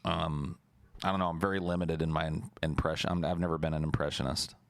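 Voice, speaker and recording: Deep-voiced man rambling casually on stream. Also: flat delivery, fast, dry recording. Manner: loose, profane and rambling, with many restarts. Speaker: live streamer. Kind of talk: casual late-night stream chat.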